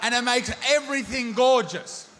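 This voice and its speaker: Brash high-voiced Australian comedian on stage. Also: male voice, normal speed, a crowd in the background, noisy background. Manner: brash, crude, punchy delivery. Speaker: stand-up comedian. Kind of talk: stand-up comedy set. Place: stage before a large crowd. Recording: live show in a reverberant hall.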